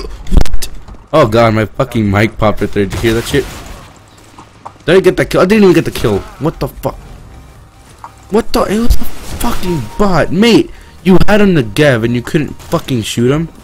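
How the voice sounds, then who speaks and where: Foul-mouthed gamer man with lively pitch. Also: soft background music. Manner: swears a lot, quick to rage. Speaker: streamer playing a shooter game. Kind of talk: casual gaming chat.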